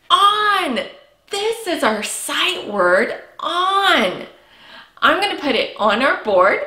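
A woman's voice: a little high, sharp tone. A woman teaching a preschool lesson, speaking patiently and encouragingly and stretching out sounds for young children. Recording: echoey room.

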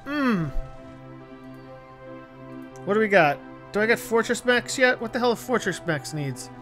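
Brief: excitable man narrating gameplay, lively swooping pitch, unhurried delivery, cursing freely. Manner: excitable, profane, swinging between shouts and mutters. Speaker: gaming video host. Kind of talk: live gameplay commentary. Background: game music.

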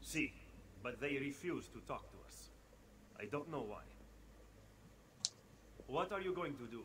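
A man's voice: mid-range voice, expressive, unhurried, fairly bright tone, big-room sound, slight background noise. An actor playing a worried male ally in a game, anxious and complaining about their setbacks. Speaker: game character.

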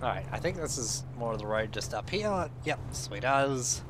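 An Australian streamer with a mid-range voice gives casual gameplay commentary at a normal speed, animated as he swears, jokes and chats with his viewers. The background is noisy.

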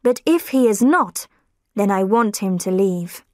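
A woman's voice: mid-range voice, expressive, unhurried, a little mellow, no room sound, clean studio sound, natural voice. A woman narrator voicing a young woman who earnestly pleads for help with a man claiming to be her father. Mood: pleading. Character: young woman worried about a false father.

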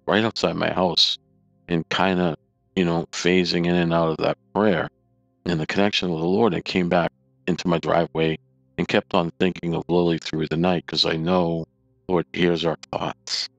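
A man's voice: low-pitched, creaky, no room sound, poor audio. A man earnestly recounting a personal faith story in testimony style, emotional and repetitive. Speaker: near-death experience storyteller.

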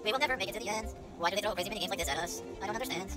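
A man's voice: sits high, very fast. A man giving goofy, rambling commentary over a game with a sped-up chipmunk effect, often singing made-up ditties. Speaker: let's play host. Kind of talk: casual gameplay commentary. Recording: game music behind. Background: game music.

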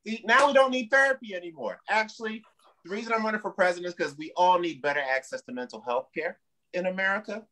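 A man's voice: high-pitched, quick pace, bright, forceful tone. A man hosting a live-streamed comedy show, teasing a comic and going into a joking campaign speech over a video call. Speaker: show host.

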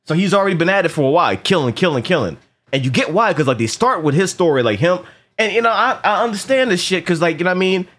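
A man chatting casually in a movie review, animated and profane, often repeating words and acting out lines from the film. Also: high-pitched, fast.

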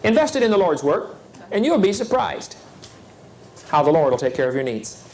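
A man's voice: on the high side, sing-song, normal speed, a little mellow. A man preaching to young people at a seminar, folksy and urgent, acting out little scenes as he talks. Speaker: evangelist speaker.

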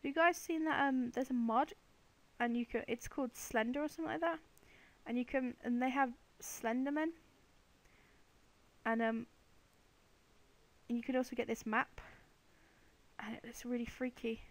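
A woman's voice: a little high, fairly even intonation, moderate pace, pauses often. A woman giving casual, chatty commentary while playing a video game, playfully talking to the animals and monsters on screen. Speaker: let's play gamer.

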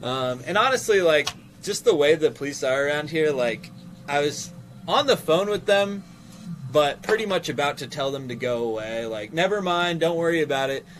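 A man's voice: a little high, expressive, moderate pace. A man telling a rambling story on his stream, swearing freely and easily distracted. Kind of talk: casual storytelling on a live stream.

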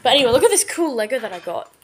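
A woman with an Australian accent casually narrating a showcase of her own artwork, stumbling over words and filling pauses with lots of ums. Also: a little high, very animated, slightly rough. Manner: hesitant, full of ums and repeated words. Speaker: channel owner.

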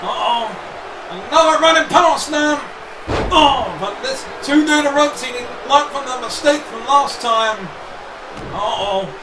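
A man giving excited play-by-play commentary over a wrestling video game, gasping and repeating "wait a minute" and "uh-oh". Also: extremely high pitch, unhurried. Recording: echoey room, voice from far off. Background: loud game crowd and noise.

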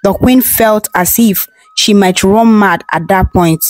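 A woman narrating a dramatic folktale in a slow, measured way. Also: medium pitch, no echo, faint music behind. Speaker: storyteller.

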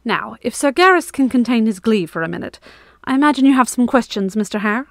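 A woman's voice: fairly high pitch, animated, fairly quick, no room sound, clean studio sound, pitched above the performer's own voice. A woman voicing a kind, practical woman in her mid-forties who speaks politely and formally, in a read-aloud story. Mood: kindly.

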